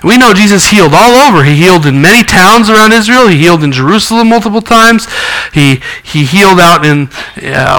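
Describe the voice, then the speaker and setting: Male pastor, bright tense voice, somewhat high, earnest sermon delivery. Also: rough recording. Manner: earnest preaching with scripture reading and acted quotes.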